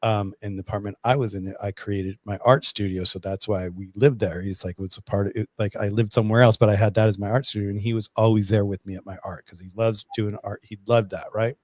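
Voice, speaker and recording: A man hosting a casual online chat, telling stories in an animated way over a video call. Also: on the low side, quick pace, hardly any pauses, no room sound. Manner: animated storyteller. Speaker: host.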